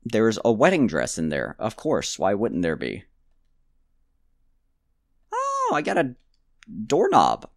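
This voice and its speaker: Animated low-voiced man narrating gameplay. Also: slow, vocal fry, pauses often, dry recording, studio quality. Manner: rambling, joking self-talk with mock outbursts. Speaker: let's play gamer. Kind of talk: casual gameplay commentary.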